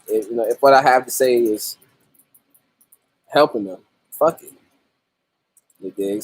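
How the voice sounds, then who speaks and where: A man's voice: fairly high pitch, no room sound. A man hosting a livestream in casual, profane chat, greeting viewers by name as they join. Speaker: livestream host.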